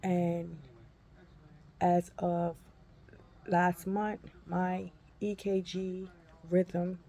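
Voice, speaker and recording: A woman in her fifties telling a personal story in a folksy, animated way and calling listeners honey and baby. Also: on the low side, extremely slow. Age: 50s. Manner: animated, acts out her own cries and shrieks. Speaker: vlogger.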